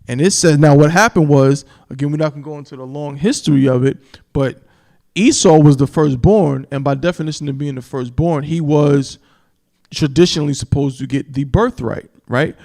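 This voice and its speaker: Guy preaching on a livestream, kinda high voice, keeps asking if you understand, drags out the big words. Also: vocal fry, darkish tone. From New York. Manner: emphatic, repeats "you understand?", stretches key words slowly; reads scripture in a slow, solemn cadence. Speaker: live-stream Bible teacher. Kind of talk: preaching Bible commentary on a live stream.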